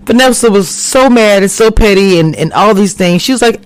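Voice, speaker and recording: A woman giving a casual recap of a TV drama, animated and quick to act out the characters' lines. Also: medium pitch. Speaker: TV recap reviewer. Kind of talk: casual chat. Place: home, recording a live stream.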